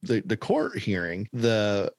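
Male podcast co-host, low voice, dry sound, animated casual storyteller. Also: takes it slowly, creaky, no echo. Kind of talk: casual chat.

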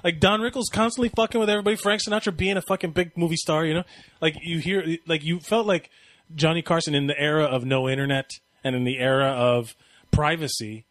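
A man's voice: on the high side, fairly even intonation, fast talker, fairly bright tone, dry recording. A man chatting casually on a podcast, rambling and swearing, acting out quoted lines as he tells stories.

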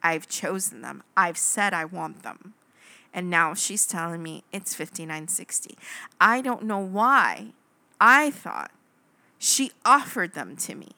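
A woman with a bright, clear voice chats casually as a podcast co-host. She tells stories in an animated way, laughs easily, and her pitch swings widely. The sound is dry and close. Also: slow pace, no echo. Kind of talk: casual chat.

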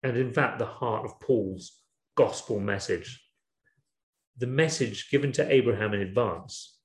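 A man giving a sermon in a measured, thoughtful way, asking rhetorical questions. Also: mid-range voice. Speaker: preacher. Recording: echoey room.

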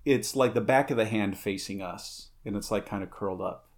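A man reading a pulp adventure story aloud in a steady, measured way, breaking off for halting, casual chat. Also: lowish voice.

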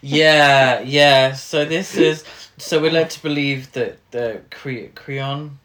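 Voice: mid-range voice, fairly even intonation, slow, fairly bright tone. A podcast co-host chatting casually about a film, hesitant and full of restarts. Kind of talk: casual film recap chat.

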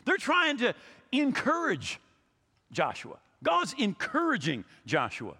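A man's voice: very high voice, wildly swooping pitch, slow, pushed and bright, slightly rough, long reverb tail. A man in his sixties, a pastor preaching a sermon, telling stories and acting out the people he quotes, often repeating his words as he goes. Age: 60s.

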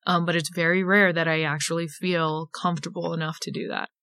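A woman's voice: fairly low pitch, flat delivery, a bit bright, no room sound, studio quality. Earnest woman chatting on a podcast. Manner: earnest, halting with restarts. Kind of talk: casual podcast chat.

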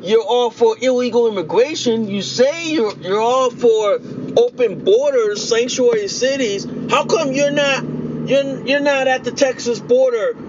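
High-pitched dude ranting slow and profane, muffled, traffic noise loud behind. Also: male voice. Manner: profane, repetitive, heated ranting. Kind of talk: angry political rant vlog.

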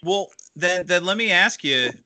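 A man co-hosting a wrestling talk show, asking long, halting questions with many restarts. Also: sits high, expressive, bright, forceful tone. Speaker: podcast co-host interviewer. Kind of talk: casual interview.

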